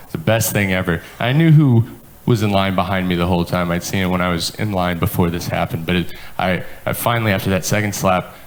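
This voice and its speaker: A man in his thirties doing profane stand-up storytelling on a club stage, animated and acting out quotes. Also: sits low. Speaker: stand-up comedian. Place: comedy club stage with laughing audience. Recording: live club with audience laughter.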